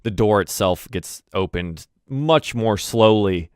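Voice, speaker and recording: A man's voice: on the low side, expressive, slow pace, smooth, no room sound, clean studio sound. A man narrating as game master, rambling with many fillers and restarts.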